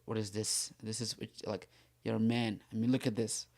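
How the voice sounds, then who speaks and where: A man voicing his stern older father, scolding and disapproving in a lower, quieter voice. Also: little pitch movement, normal speed, vocal fry.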